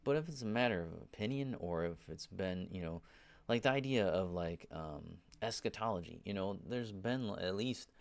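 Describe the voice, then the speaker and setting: A man with a low, gravelly voice leads a casual Bible teaching. He talks to his listeners rather than at them, peppering his points with "right?" and "you know". When he tells them what not to do, he presses the words firmly. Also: moderate pace. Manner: informal, keeps checking in with "right?" and "you know"; grows emphatic when exhorting.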